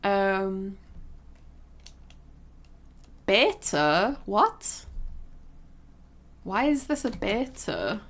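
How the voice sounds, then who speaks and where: A woman's voice: medium pitch, big pitch swings, extremely slow, long pauses, fairly bright tone. A young woman streaming live, chatting casually and rambling, with frequent giggles and casual swearing. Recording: faint game music behind.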